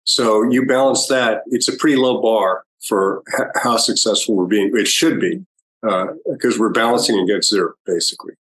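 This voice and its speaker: Male podcast guest, low-ish voice, deliberate and argumentative. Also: fairly bright tone, poor audio. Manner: measured, argumentative, many pauses. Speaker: guest expert. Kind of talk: podcast interview.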